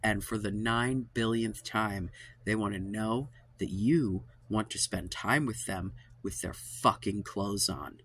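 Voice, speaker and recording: A channel host giving dating advice vents to camera in a frustrated, profane monologue, his voice low, slow, fairly bright and husky. Fed up and worn out, he sighs and trails off in exasperation.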